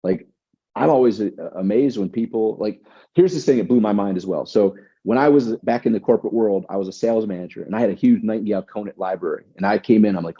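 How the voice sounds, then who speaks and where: A man's voice: lowish voice, quick pace, warm tone, husky. A man telling stories as an interview guest, emphatic and repeating words as he talks. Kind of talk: conversational interview. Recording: dull lo-fi sound.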